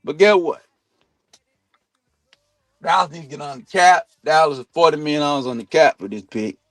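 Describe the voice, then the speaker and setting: Heated, high-voiced man ranting about football. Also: expressive, normal speed, no room sound. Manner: heated, blunt, swears a lot, swings loud and quiet. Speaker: sports talk show host. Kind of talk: profane sports opinion rant. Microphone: streaming mic.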